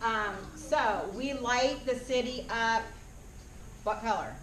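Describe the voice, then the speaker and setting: A woman speaks to a classroom of children, animated and full of questions for them. Her voice sits on the high side. It is picked up from some distance in an echoey school room with faint ambience. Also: slow, slight background noise. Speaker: school presenter.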